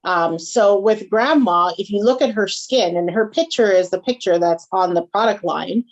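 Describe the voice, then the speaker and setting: A woman's voice: medium pitch, moderate pace, low-quality recording. A woman from a Caribbean background, telling stories in a casual interview and often checking in with "right?". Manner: animated storyteller, frequent "right?" and "you got it". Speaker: guest, small food business owner.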